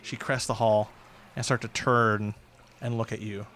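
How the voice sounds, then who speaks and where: A man's voice: on the low side, level tone, measured pace, a bit bright. A man narrating as game master of a tabletop game, casual and self-deprecating, laughing easily.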